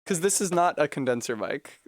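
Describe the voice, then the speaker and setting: A man's voice: a little high, lively intonation, a little fast, no echo, studio quality. A man live-streaming from a room at home, chatting casually with his viewers, laughing often and swearing freely. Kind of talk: casual live-stream chat while gaming.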